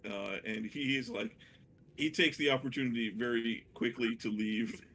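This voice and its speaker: A man narrating a tabletop game as dungeon master, hesitant and full of fillers, with a gravelly voice. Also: mid-range voice, fairly even intonation, normal speed, fairly bright tone, a little hiss or hum. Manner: hesitant, many fillers and restarts.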